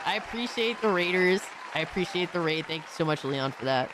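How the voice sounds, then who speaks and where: A woman livestreamer in casual, profane chat, excitably reacting to videos and thanking viewers by name. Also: fairly low pitch, brisk, crowd noise, noisy background.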